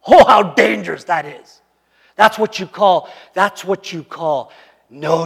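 A man preaching a sermon, swinging between loud emphatic lines and hushed asides. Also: high-pitched, slow, gravelly, breathy edge. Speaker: pastor. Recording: long hall reverb.

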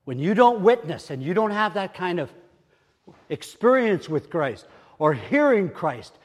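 This older pastor speaks in a high, unhurried voice while preaching in a church hall. His animated stories swell into excited exclamations, and the sound echoes with long hall reverb.

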